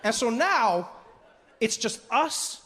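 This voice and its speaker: Animated man telling a stand-up story. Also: extremely high pitch, slow. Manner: animated, acts out characters. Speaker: stand-up comedian. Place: comedy stage before a live audience.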